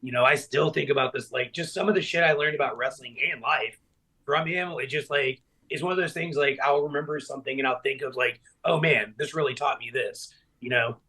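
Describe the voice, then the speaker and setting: A man from Middle Tennessee, a professional wrestler talking as a podcast guest, rambling with lots of fillers and growing animated as he retells stories. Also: medium pitch, a little fast, husky. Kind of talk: casual podcast storytelling.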